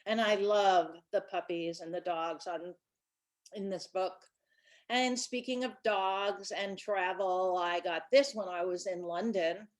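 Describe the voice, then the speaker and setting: A woman's voice: mid-range voice, steady tone, slow pace. A woman who writes children's books, talking casually and chattily about her books, with small restarts. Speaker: children's book author.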